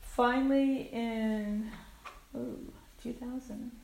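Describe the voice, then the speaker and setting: Older lady sharing at a recovery meeting, blunt, swears a lot, kinda high voice, echoey room. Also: fairly even intonation, drawn-out words, gravelly, a little mellow, a little hiss or hum. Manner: candid and frank, swears casually, laughs at herself. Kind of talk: personal recovery share. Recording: echoey room with faint ambience.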